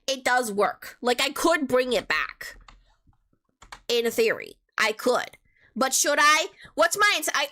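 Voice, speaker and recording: A woman's voice: high-pitched, sharp tone. A young woman streamer chatting casually with her viewers, playful and teasing as she answers questions.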